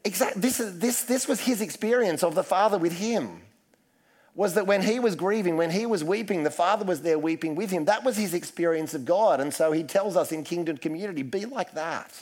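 A man's voice: high voice, fairly quick, a little mellow. A man preaching a casual, self-deprecating sermon full of asides. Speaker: pastor.

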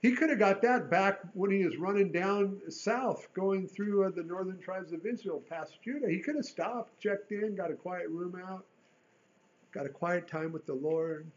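A man preaching a sermon in an earnest way, rising to emphatic bursts and dropping to a hush. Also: sits high, moderate pace, highs cut off, a little hiss or hum.

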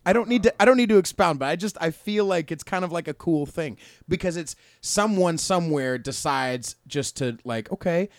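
A man's voice: a little high, expressive, moderate pace, hardly any pauses, no room sound, clean studio sound. A man co-hosting a podcast in casual banter, giggly and teasing. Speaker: podcast co-host.

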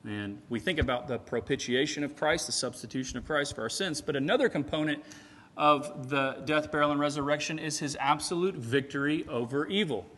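A man preaching a sermon in a conversational way, often checking in with "right?" and swinging between loud and soft. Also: a little high, a little fast, a little hiss or hum. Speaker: pastor. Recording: long hall reverb.

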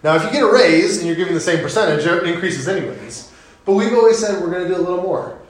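Earnest pastor in an echoey sanctuary. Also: male voice, sits high, expressive, quick pace. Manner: conversational, earnest, encouraging, with fillers. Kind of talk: sermon. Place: church sanctuary.

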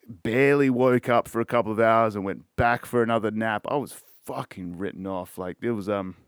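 A man's voice: on the low side, fairly quick, clean tone, no echo, clean studio sound. An Australian man hosting a podcast, ranting in casual chat with constant swearing and repeated words. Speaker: podcast host.

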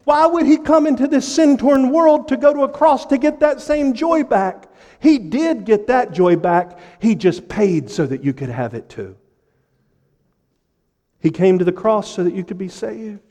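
A man preaching a sermon with impassioned rhetorical questions, pausing for effect and dropping to a hush. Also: high-pitched, expressive, big-room sound. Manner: impassioned preaching with dramatic pauses and sudden drops to a hush. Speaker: pastor.

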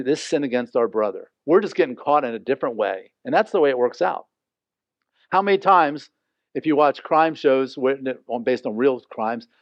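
A man's voice: on the high side, no echo, lo-fi sound. A man preaching a sermon in a conversational way, explaining scripture and acting out the quoted lines. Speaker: pastor.

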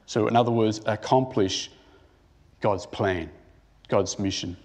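A man's voice: fairly low pitch, slow pace, a little mellow. A man giving a conversational sermon who asks his listeners questions and thinks aloud with restarts. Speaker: preacher.

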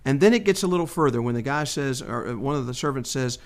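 A man hosting a Bible discussion, teaching conversationally and acting out the quoted lines. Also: quick pace. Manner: animated, acts out quotes with rising pitch. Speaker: Bible study host.

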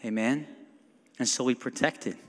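A male pastor with a medium-pitched, slightly bright voice speaks at a normal pace, delivering a casual, story-driven sermon in a church sanctuary. He quotes people and poses questions to the congregation, and the recording carries the long reverb of a church hall.

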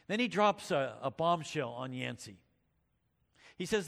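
A man's voice: a little high, lively intonation, a little slow, vocal fry, pauses often, a bit bright, big-room sound. A male pastor preaching a sermon, reading scripture and retelling stories with dramatic emphasis, with occasional fillers. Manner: uses fillers like uh and um.

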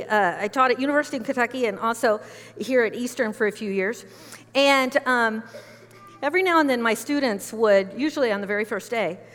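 A woman's voice: sits high, fairly bright tone, big-room sound. A woman from the United States preaching a sermon as a pastor, conversational and emphatic, with frequent asides to her listeners.

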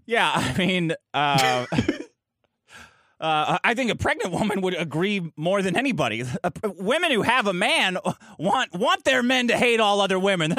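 A man's voice: sits high, very animated, measured pace, sharp tone, no echo. A man telling a profane, mocking story as a podcast guest, close to the mic.

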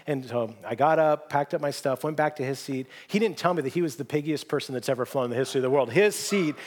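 A man preaching a sermon in a conversational, self-deprecating way, acting out quoted lines in hushed voices. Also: mid-range voice, fast talker. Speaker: pastor. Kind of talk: sermon with personal stories.

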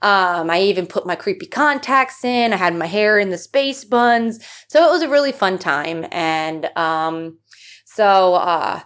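A young woman hosting a solo podcast, chatting casually and gushing, with lots of fillers and asides. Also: medium pitch. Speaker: podcast host.

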